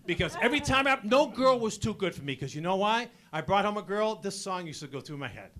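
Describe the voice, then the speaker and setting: A man doing stand-up comedy on stage, loud and punchy, talking to the crowd as folks. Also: sits high, lively intonation, fast talker. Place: stage before a live audience.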